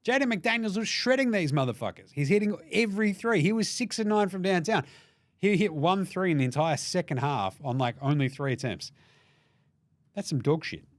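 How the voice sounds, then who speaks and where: A young Australian man recapping basketball in a loose, profane, jokey way, slipping into mock voices for the players. His voice sits a bit high and swings widely in pitch. The sound is close and dry, with no room echo. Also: animated, moderate pace. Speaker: basketball podcast host. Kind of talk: casual sports recap.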